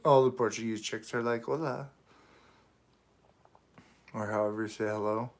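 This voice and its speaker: Fairly low in pitch and slightly mellow, this man speaks briskly with fairly even intonation. He's on a livestream from his knife-making shop, answering viewers' comments in an easygoing, joking way.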